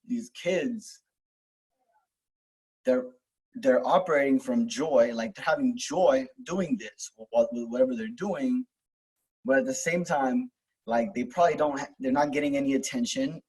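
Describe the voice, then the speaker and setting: A man's voice: medium pitch, a little mellow, husky, rough recording. A young man telling a personal story in casual, rambling talk, full of fillers, restarts and swearing, as host of a self-help video.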